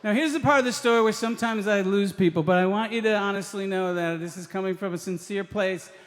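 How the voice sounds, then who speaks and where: A man's voice: sits high, fast talker, long reverb tail. A man doing live stand-up storytelling, hesitant and full of ums, laughing through his lines. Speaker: stand-up comedian. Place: live radio stage before an audience.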